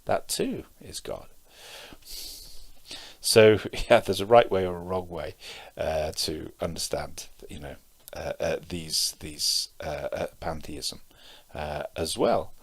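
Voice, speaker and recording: A middle-aged man giving a Zen dharma talk, telling stories in a hesitant way with many pauses and fillers. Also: a bass voice, steady tone. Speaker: Zen teacher.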